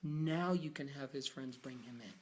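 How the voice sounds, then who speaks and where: A man quoting a calm, grounded doctor. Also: mid-range voice, a little hiss or hum, lightly acted. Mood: earnest. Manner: slow, serious, instructive.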